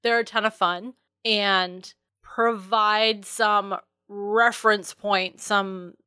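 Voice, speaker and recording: A woman's voice: mid-range voice, steady tone, slow pace, sharp tone, clear, resonant tone, no room sound, studio quality. A woman from New England co-hosting a podcast, chatting enthusiastically about a movie. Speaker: podcast co-host. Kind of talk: casual movie discussion chat.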